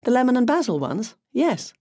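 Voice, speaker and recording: Narrator voicing a relaxed woman detective at home, pitched high, close and dry. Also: normal speed, no echo. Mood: fond. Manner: relaxed, absent-minded replies.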